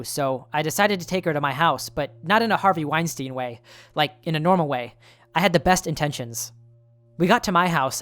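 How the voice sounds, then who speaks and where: A man reading a horror story aloud in the first person, in a nervous, self-justifying telling. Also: a little high. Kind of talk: scripted horror story narration.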